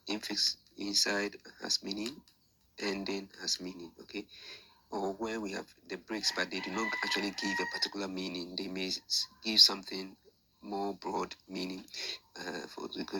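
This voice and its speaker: A low-voiced man teaches an online class. He explains each step patiently, repeats himself and thinks aloud with small fillers. His voice is gravelly and forceful, with a faint hiss of noise behind it. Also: level tone, moderate pace, poor audio. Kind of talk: screen-share lesson explanation.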